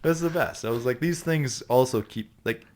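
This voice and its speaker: A Canadian man appears as a podcast guest in a casual chat, speaking at a moderate pace in a medium-pitched voice. His story rambles and is full of profanity, and he breaks into loud bursts of laughter.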